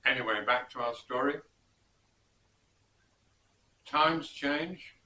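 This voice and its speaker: Guy slowly telling an old story, bright voice, sounds kinda far off in an echoey room. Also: mid-range voice. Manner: slow and rambling, with pauses and self-corrections. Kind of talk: casual spoken storytelling.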